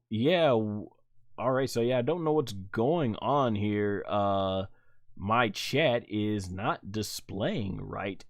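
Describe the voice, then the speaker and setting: A man with a lowish voice hosts a live stream, talking in a halting, rambling way as he works through viewers' chat messages. The sound is close and dry, with no room echo. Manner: halting and rambling, thinking aloud; reads viewers' chat messages aloud and answers them. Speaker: wrestling show reviewer and live streamer.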